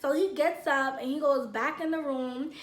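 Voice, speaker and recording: A woman's voice: high-pitched, steady tone, moderate pace, echoey room. A young woman telling a casual storytime to her viewers, acting out both sides of a quarrel. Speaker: vlogger.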